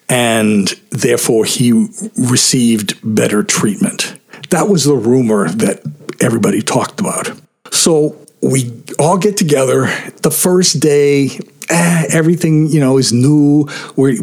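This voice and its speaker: An older man tells a true story in a relaxed, candid, conversational way, like a storytime vlog. His voice is husky and sits in a mid range. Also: mid-range voice.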